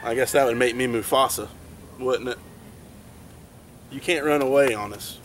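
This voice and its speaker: A man's voice: mid-range voice, normal speed, a bit bright, a little hiss or hum, low-quality recording. Teasing guy talking trash. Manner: teasing, mock-scolding. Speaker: college football fan. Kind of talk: comedic trash talk.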